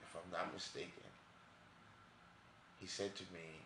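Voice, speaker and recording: A man's voice: low voice, level tone, measured pace, roomy sound, background noise. A man from New York with a New York accent, telling a personal story in a loose, rambling, profane way full of fillers. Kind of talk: casual storytelling.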